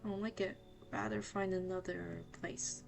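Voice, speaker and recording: A woman's voice: medium pitch, fairly even intonation, moderate pace, vocal fry, faint music behind. Brief: a nervous, giggling young woman seeking shelter, read by a woman. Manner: jittery, hesitant, giggling teehee.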